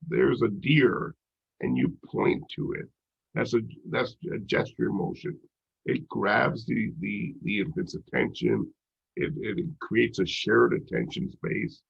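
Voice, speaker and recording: Male instructor, middle-aged, lower voice, very gravelly, recorded lecture, dull lo-fi sound. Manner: conversational, with frequent ums and restarts. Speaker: college psychology instructor.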